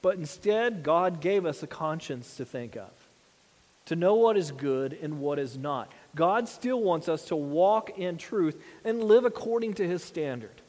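A pastor delivering a sermon in a conversational way, tossing rhetorical questions to the congregation. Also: male voice, fairly high pitch, lively intonation, measured pace, a little mellow. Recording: long hall reverb.

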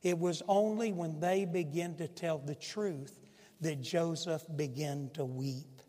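A male pastor preaching with a high, ringing voice that rises to loud pleas and drops to hushed emphasis. His sermon carries a long reverb from a large sanctuary. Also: slow pace.

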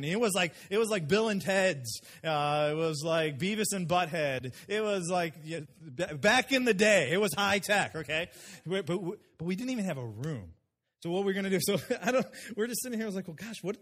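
A middle-aged male pastor preaching a sermon, telling stories with animated voices for the people in them. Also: high voice, brisk. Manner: animated, acts out quoted people. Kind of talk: sermon with storytelling.

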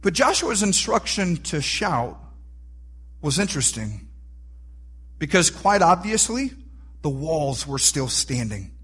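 A man preaching a sermon, animated and rising to near-shouts for emphasis. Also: fairly high pitch, takes it slowly, pauses often, husky. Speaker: pastor.

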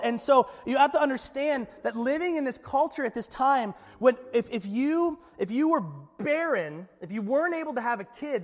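A man's voice: high-pitched, in a large hall. A man preaching a sermon as pastor, conversational and joking, often checking in with the congregation. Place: church.

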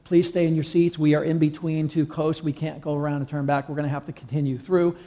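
A man doing a calm, measured airline captain. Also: fairly high pitch, close to an everyday voice. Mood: steady. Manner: measured, announcement-like.

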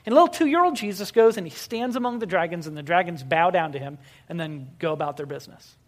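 A pastor preaching a sermon in a conversational, storytelling way with wry humor, putting rhetorical questions to the congregation and often pausing on filler sounds. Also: medium pitch, expressive.

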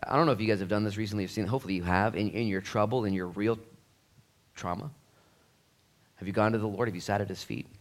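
A man preaching a sermon at a church service in a jokey, conversational way, swinging from quiet asides to loud, excited bursts. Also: fairly low pitch, fast talker, pauses often. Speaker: pastor.

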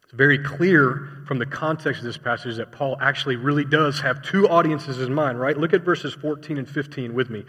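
Bright-voiced preacher in a reverberant hall. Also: male voice, mid-range voice, moderate pace, few pauses, breathy edge. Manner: conversational preaching with rhetorical questions. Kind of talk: sermon.

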